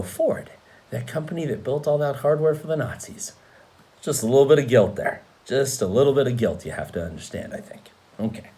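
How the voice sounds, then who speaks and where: A man's voice: medium pitch, a little mellow. A man teaching a history lesson, talking in a conversational, emphatic way with frequent asides. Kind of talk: lecture.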